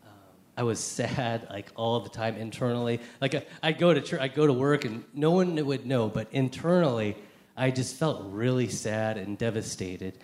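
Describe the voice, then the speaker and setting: Young man sharing a halting testimony. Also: mid-range voice, darkish tone. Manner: halting, many fillers and restarts, laughs often. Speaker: church speaker sharing testimony. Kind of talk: personal testimony talk. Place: Seattle area.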